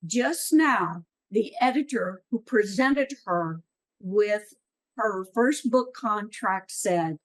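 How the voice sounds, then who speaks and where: A woman's voice: medium pitch, animated, slow pace, poor audio. A middle-aged woman giving an earnest, encouraging talk at a writing workshop. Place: meeting room.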